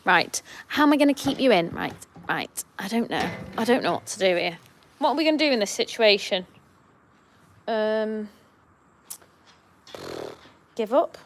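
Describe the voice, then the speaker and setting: A woman's voice: mid-range voice, animated, a little slow, pauses often, slight background noise. Chatty woman farmer in a sheep shed. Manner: chatty, fond, talks to her lambs. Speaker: farmer vlogger. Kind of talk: casual livestream chat.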